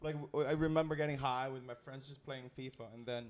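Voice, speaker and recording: A man's voice: mid-range voice, steady tone, a little fast, slight background noise. A young man from China with a Chinese accent, chatting as a comedian guest on a podcast in blunt, crude, broken English. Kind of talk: casual podcast chat.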